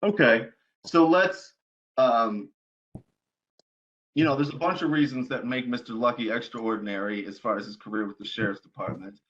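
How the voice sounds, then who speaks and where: Lawyer type, male, measured and hedging, slightly muffled lo-fi recording. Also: mid-range voice, fairly bright tone. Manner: careful, hedging, restates and rephrases. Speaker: attorney cross-examining a witness. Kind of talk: legal questioning.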